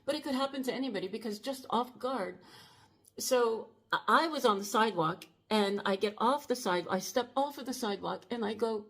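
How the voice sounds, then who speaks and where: Earnest, halting woman around sixty. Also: fairly high pitch, a bit bright. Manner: earnest, urgent, halting with frequent restarts. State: emotional, shaken. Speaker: channel host. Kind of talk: personal storytelling to camera.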